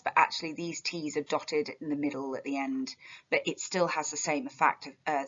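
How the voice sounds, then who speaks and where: A woman teaching a poetry lesson, her voice sitting slightly low. She explains in a chatty way, with fillers and small restarts. The sound is muffled and lo-fi. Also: a bit bright. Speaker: English literature teacher.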